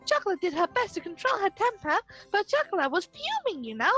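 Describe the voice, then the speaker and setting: A woman voicing an excitable young cat girl from a video game who speaks of herself in the third person and meows. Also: very high voice, brisk, faint music behind, exaggerated voice. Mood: indignant.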